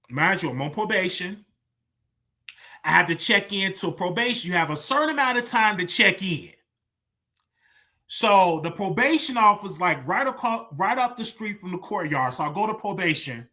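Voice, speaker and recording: A bright, forward voice from a show host in their thirties, speaking as a personal storytelling monologue. The telling is emotional and repetitive. Loudness swings from hushed to raised. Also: mid-range voice, lively intonation, unhurried, pauses often. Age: 30s.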